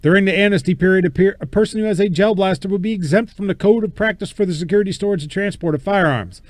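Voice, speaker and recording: A man's voice: high-pitched, fast talker, no room sound. A man hosting a casual show, speaking bluntly with casual swearing and reading news items aloud. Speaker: show host.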